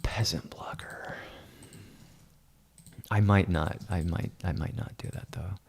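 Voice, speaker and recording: A man's voice: low voice, fairly even intonation, normal speed, a little mellow, husky. A man chatting on a casual livestream while editing photos, joking and boasting in rambling asides, sometimes dropping to a whisper. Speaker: photo editor streaming his work.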